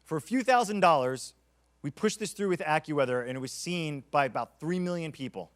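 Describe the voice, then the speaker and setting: A man giving a conference keynote, energetic and storytelling, acting out quotes as he goes. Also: a little high, a little fast. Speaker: keynote speaker.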